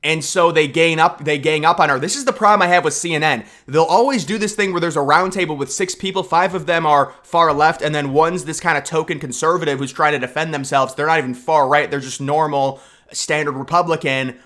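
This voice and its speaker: A man's voice: fairly high pitch, a little fast, fairly bright tone. A man giving a casual, rambling political commentary rant, sarcastic and full of repeats and restarts.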